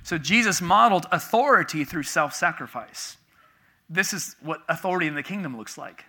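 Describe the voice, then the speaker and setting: A man's voice: fairly high pitch, lively intonation, moderate pace, sharp tone. A man in his thirties preaching a sermon as a pastor, telling a personal story in a conversational, confessional way with sudden bursts of emphasis.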